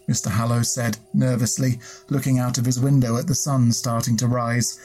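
A podcast storyteller narrating a scripted folk tale in a measured, expressive way. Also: mid-range voice, soft background music.

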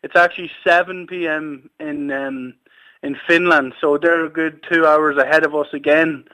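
A man's voice: on the high side, steady tone, moderate pace, sharp tone. A man talking enthusiastically as an interview guest over a phone line, with lots of filler words. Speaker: sports official guest.

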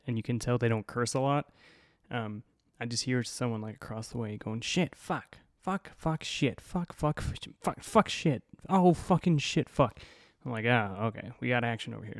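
With a fairly low, darkish voice captured in studio quality and no room sound, a man hosts his own podcast. He tells a story in a casual monologue, wry and rambling, peppered with cursing and fillers.

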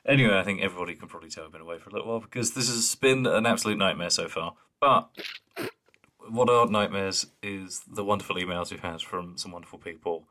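A man with a low voice chats on a fan podcast. He jokes, swears freely and reads out listener emails in a relaxed way. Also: fast. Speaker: podcast co-host. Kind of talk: casual chat.

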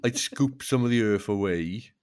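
A man on a comedy podcast, laying out absurd ideas deadpan and defending them. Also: lowish voice, normal speed. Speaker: comedian guest. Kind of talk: casual comedy chat.

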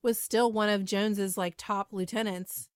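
A woman's voice: mid-range voice, fairly even intonation, moderate pace, dry recording. A woman podcast host retelling a story in casual, chatty talk with frequent ums and asides.

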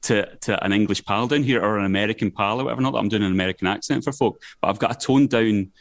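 Fast-talking animated Scottish man. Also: no echo, studio quality. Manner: animated and emphatic, with sudden jumps in pitch. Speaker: filmmaker guest. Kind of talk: casual podcast chat.

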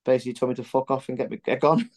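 A man's voice: mid-range voice, fast, darkish tone. A middle-aged man, a former footballer, guesting on a podcast and telling candid, blunt stories full of swearing and restarts. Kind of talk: casual chat.

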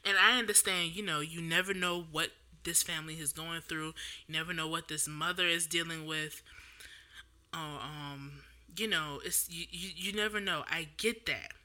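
Bright-voiced woman venting on a podcast. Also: sits low, steady tone, moderate pace. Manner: candid, heated storytelling full of fillers and restarts. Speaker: podcast host, parent. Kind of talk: casual podcast monologue.

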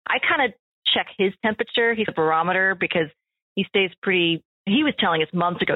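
Casting: woman, casual co-host chat, slightly husky, dry thin phone-like sound. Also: mid-range voice, fast talker, no room sound. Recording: tinny phone-like audio, dry.

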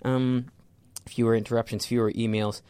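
Casual solo talker, male, mid pitch, rambling jokey delivery with swearing, recorded dry and close. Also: little pitch movement, moderate pace, mellow, smooth, dry recording. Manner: rambling, self-correcting, joking with profanity. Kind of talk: casual solo chat reacting to an article.

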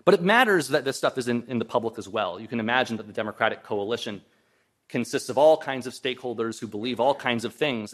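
A man's voice: medium pitch, animated, fairly quick, a bit bright. A man giving a public lecture and answering audience questions, talking thoughtfully with frequent restarts and hedges. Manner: thoughtful, hedging, many restarts and "um"s. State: voice briefly strained. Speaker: guest lecturer. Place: lecture hall.

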